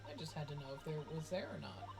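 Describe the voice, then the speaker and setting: A man's voice: fairly high pitch, fast talker, creaky, over loud music, low-quality recording. A man voicing a scrappy Cockney girl. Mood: urgent. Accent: attempted Cockney. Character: scrappy young female Cockney pickpocket.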